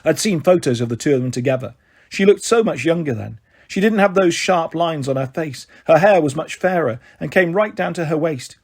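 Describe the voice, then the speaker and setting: Husky man reading a children's story. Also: on the high side, fairly quick. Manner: expressive first-person narration. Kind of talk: reading a children's novel aloud.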